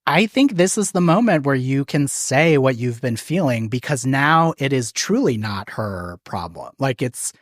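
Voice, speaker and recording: A man's voice: mid-range voice, animated, a little slow, hardly any pauses, no room sound, clean studio sound. Wry, thoughtful man on a podcast. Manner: thoughtful, wry, gives opinions. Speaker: podcast guest. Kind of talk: casual chat.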